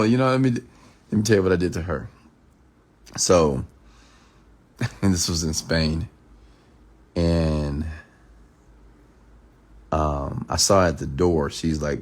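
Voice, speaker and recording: A man giving a late-night motivational rant, emphatic and repetitive, sometimes dropping to a hushed whisper to act out lines. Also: low voice. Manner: emphatic, repeats "I'm telling you", drops to a hushed whisper when acting out lines. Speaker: entrepreneur and mentor.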